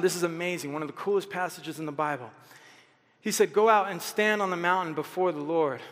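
A man delivering a passionate sermon as a pastor, swinging from loud exhortation to hushed, quiet quotes. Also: a little high. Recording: hall reverb.

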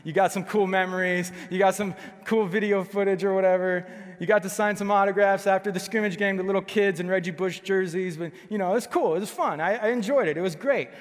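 Young male pastor, fairly high voice, passionate, loud peaks and hushed lows, long reverb. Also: steady tone, a little fast. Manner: passionate, swings between loud emphatic bursts and soft hushed passages. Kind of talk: sermon.

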